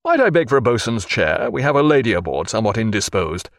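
A man voicing a composed, wry naval captain with crisp, dryly facetious speech, in an audiobook. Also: lowish voice, sing-song, quick pace, no echo, studio quality. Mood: courteous.

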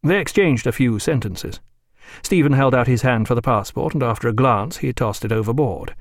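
A man reading a novel aloud as audiobook narrator, measured and even. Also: medium pitch, no room sound, studio quality. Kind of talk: scripted narration.

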